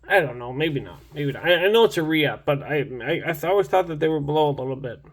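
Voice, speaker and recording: A man's voice: a little high, expressive, fast talker. A young man casually reviewing a knife in a rambling, enthusiastic vlog, full of restarts and fillers.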